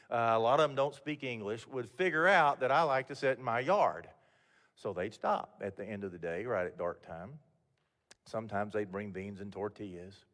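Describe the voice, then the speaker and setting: A man's voice: fairly low pitch, a bit bright. An older man gives a motivational talk to a room of mentors. He talks in a candid, homespun way and often restarts his sentences. His voice carries a long reverb from the event hall. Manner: folksy, candid storytelling with frequent restarts. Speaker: guest speaker.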